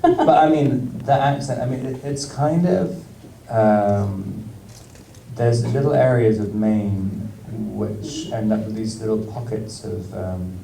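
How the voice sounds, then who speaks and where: A British man talking through a live stage Q&A in a low, mellow voice. He hesitates, restarts his sentences and laughs often. The sound is roomy and distant, with faint background noise. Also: steady tone, vocal fry. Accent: British English. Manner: halting, rambling, lots of fillers and restarts, laughs often. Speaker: actor, festival guest. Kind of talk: on-stage Q&A conversation. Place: festival stage in a large room. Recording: roomy hall sound, miked from far off.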